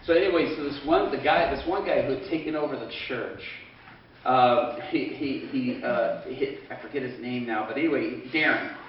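A man's voice: mid-range voice, moderate pace, a little hiss or hum. A man preaching through a personal story, chatty and loose, constantly quoting others with "he goes." His voice is far from the mic and rings around a big, very echoey hall. The sound is dull and lo-fi. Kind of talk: storytelling sermon.

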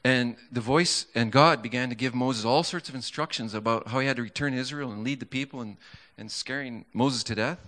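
A man's voice: medium pitch, a little fast, fairly bright tone. A man preaching a sermon in a conversational storytelling way, with stammers and restarts, building to fervent emphasis.

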